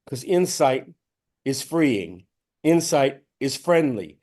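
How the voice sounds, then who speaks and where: Man, spiritual teacher, reflective talk, slightly raised pitch, acts out inner voices. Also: sing-song, normal speed. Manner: acts out his own inner voices, rising to a strained high pitch.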